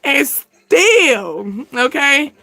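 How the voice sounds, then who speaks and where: A woman chatting casually as a channel host, animated and slangy, laughing often. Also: high voice, very slow. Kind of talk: casual chat.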